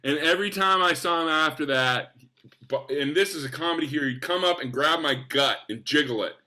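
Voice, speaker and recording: A man in his forties with a bright, forceful voice, from the Northwest of the US. He tells stories with real enthusiasm, jumping into other people's voices as he goes. His pitch sits a little high for a man. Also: fairly quick. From Spokane, US. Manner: enthusiastic, animated, acts out quotes. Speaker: actor guest. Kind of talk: casual podcast storytelling.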